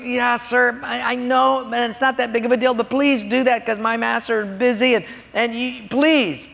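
A man doing a fretful male servant who keeps pleading and apologizing. His voice climbs high and thin as he begs. It carries a gravelly edge, and a long hall echo hangs on it. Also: fairly even intonation, normal speed, fairly bright tone, heavily acted.

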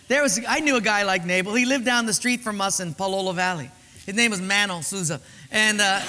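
Pastor; humorous, animated sermon delivery, echoey hall. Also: male voice, very high-pitched. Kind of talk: sermon storytelling.

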